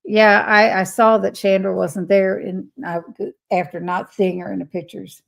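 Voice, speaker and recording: Older woman, livestream host, reading comments aloud, chatty, gravelly fry. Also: mid-range voice, flat delivery, moderate pace, low-quality recording. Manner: chatty, reads messages aloud and replies warmly.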